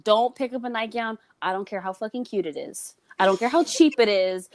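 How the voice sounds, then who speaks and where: A woman guest on a podcast in casual chat, an animated, profane storyteller. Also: fairly high pitch, a little fast, dry recording.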